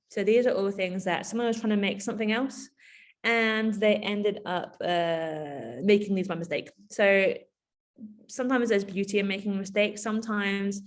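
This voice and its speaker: A woman giving a conversational keynote to teachers. She is chatty and animated, with frequent asides and fillers. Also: medium pitch. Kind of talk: conversational presentation.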